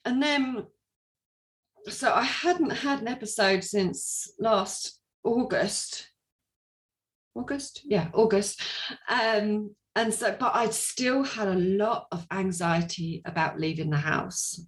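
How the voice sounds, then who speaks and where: Laughing, animated woman telling her story. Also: mid-range voice, slow. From England. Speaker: interview guest. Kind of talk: personal testimony in conversation.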